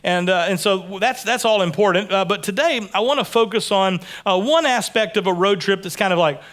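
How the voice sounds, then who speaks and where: A man from Texas preaching a sermon in a relaxed, conversational way, often repeating words as he builds his points. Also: high voice, brisk. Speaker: pastor. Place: church sanctuary.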